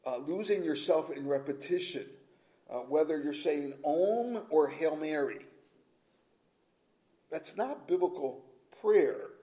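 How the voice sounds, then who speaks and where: Earnest preacher, mellow man's voice. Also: a little high, low-quality recording. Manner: earnest, emphatic preaching with repeated phrases. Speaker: pastor. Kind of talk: sermon.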